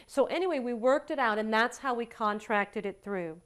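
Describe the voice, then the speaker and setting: Woman counselor telling a session story, lively, repeats for emphasis, a bit high-pitched. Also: moderate pace, clear, resonant tone. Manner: acts out both sides of a dialogue; animated, emphatic repetition. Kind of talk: storytelling lecture.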